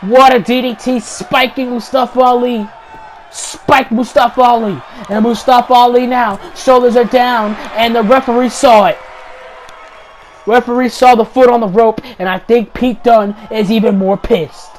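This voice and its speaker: A man with a very high-pitched voice calls wrestling action play-by-play over a video game. He gets loud and excitable on the big moves and repeats each call for emphasis. A faint arena crowd and light noise sit in the background. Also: normal speed, rough recording. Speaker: YouTube gaming channel host.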